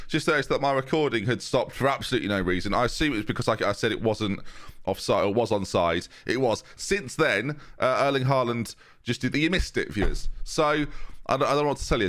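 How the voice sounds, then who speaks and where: A young man giving chatty, excitable commentary over a football management game, talking straight to his viewers. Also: medium pitch. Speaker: game YouTuber. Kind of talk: let's-play commentary.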